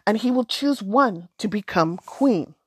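A woman's voice: medium pitch, animated, measured pace, a little mellow, husky, no echo, clean studio sound. Lady doing a royal messenger announcing stuff, formal and stately, storybook. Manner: formal, proclaiming.

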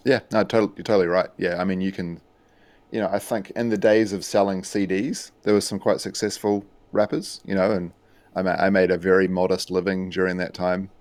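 A man's voice: low-pitched, a little fast, no room sound. A New Zealand man, a music producer and DJ, chatting casually as a podcast guest, rambling with lots of fillers. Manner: relaxed, rambling with many fillers.

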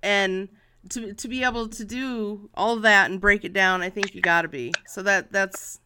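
A woman's voice: mid-range voice, steady tone, normal speed, noisy background. A woman hosting a podcast, enthusiastic but hesitant, often repeating words as she asks questions. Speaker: podcast host. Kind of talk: casual interview chat.

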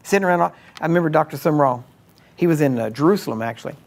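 A man's voice: fairly high pitch, animated, very fast, vocal fry. A man pastor preaching a sermon emphatically, often checking in with his listeners. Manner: emphatic, checks in with frequent questions.

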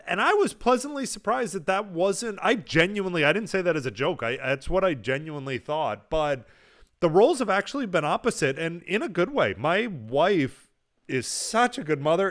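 A man in his thirties co-hosting a casual podcast, telling family stories with energy and acting out the dialogue. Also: on the high side. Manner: animated storyteller, acts out family dialogue. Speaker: podcast co-host.

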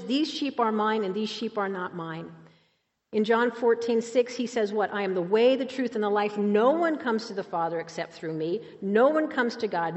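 A woman's voice: on the high side, darkish tone. Woman teaching a Bible lesson, echoing hall. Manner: emphatic, asks the listeners questions. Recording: dull, hall reverb.

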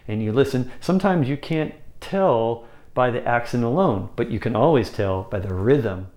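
A man's voice: lively intonation, normal speed, darkish tone. A man teaching how to hold attention, talking conversationally and often repeating phrases for emphasis. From United States. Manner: demonstrates by abruptly shifting pace and pitch. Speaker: sales or speaking coach. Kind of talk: instructional talk to camera.

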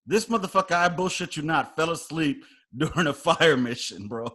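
A man in casual conversation, spinning army tales with lots of swearing. He talks in an animated way, his pitch leaping as he acts out what others said. Plain everyday delivery between the bursts. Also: moderate pace. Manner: animated storyteller, heavy swearing, acts out quotes loudly. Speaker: army veteran telling stories. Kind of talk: casual profane chat.

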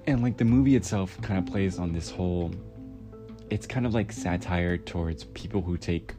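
A man in his twenties casually reviewing a film in a rambling way, with many "like" fillers. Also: low-pitched. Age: 20s. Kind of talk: casual chat. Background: music.

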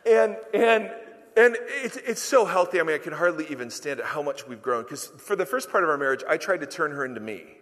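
Animated pastor preaching in a reverberant hall. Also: male voice, a little high, normal speed. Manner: animated, self-deprecating storytelling with acted quotes. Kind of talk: sermon.

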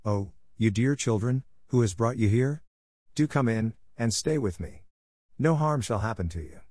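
A man's voice: medium pitch, lively intonation, normal speed, a little mellow, dry recording, clean studio sound, lightly acted. A man reading the lines of a cruel, greedy old witch in a mocking, commanding way. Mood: coaxing.

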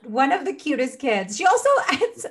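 A woman's voice: sits high, very animated, normal speed, a bit bright. A woman hosting a casual interview, affectionate and effusive, laughing often as she asks questions. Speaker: host and co-founder.

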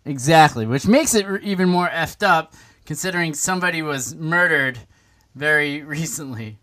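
Male podcast host, high pitch, bright tone, chatty and rambling, restarts a lot. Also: moderate pace. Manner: rambling, self-interrupting, laughing. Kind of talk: casual comedy podcast chat.

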